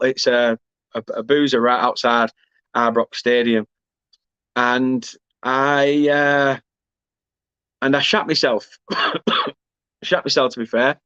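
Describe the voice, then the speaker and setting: A man's voice: medium pitch, a bit bright, clean tone, no echo, muffled recording. A man hosts a football fan watchalong, reading viewer comments aloud and chatting casually in a rambling, self-deprecating way.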